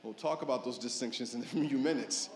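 A male pastor preaching an animated sermon, telling stories, mimicking people and shouting for emphasis. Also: mid-range voice, a little fast. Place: church sanctuary. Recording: echoey church hall.

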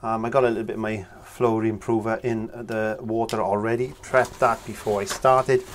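A man, talking through a painting tutorial in a relaxed, chatty way as he works. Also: on the low side, moderate pace, a little hiss or hum. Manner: relaxed, chatty, talks while working. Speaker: painting instructor.

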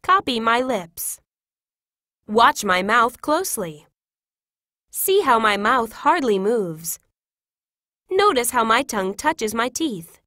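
A woman reading classroom English phrases one by one in a clear, measured teaching voice. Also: on the high side, bright, forceful tone, no room sound, studio quality. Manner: clear, measured, each phrase read separately. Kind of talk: scripted read-aloud of classroom phrases.

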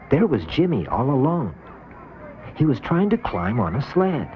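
A man narrating a children's storybook cartoon with an expressive reading, on a dull lo-fi VHS tape. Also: mid-range voice.

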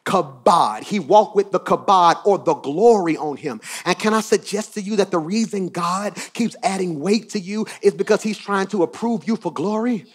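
A male pastor preaching a sermon, swinging from quiet asides to shouted emphasis and repeating phrases for effect. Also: sits high, moderate pace, hardly any pauses, slightly rough.

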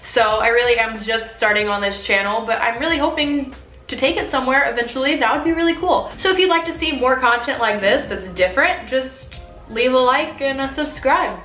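A woman's voice: high voice, fairly quick, fairly bright tone, reverberant, soft background music. A young woman vlogging casually at home, chatty and self-deprecating about her makeup. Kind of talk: casual vlog chat. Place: home room.

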